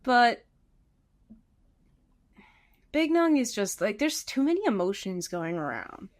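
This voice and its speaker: A woman's voice: on the high side, sing-song, slow. A woman co-hosting a casual recap podcast, recounting the scenes. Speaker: podcast co-host.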